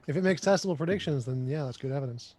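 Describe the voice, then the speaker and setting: A man in a debate, giving quick, matter-of-fact answers to jabs from viewers. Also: medium pitch, darkish tone. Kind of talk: debate rebuttal.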